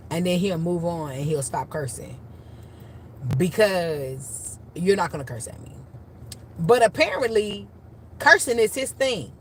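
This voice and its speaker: Taking it slowly with frequent pauses, this vlogger and childcare worker tells casual stories straight to the camera in a lowish voice. She's emphatic and animated, acting out her comebacks and repeating "literally" and "you know." A little hiss or hum is audible.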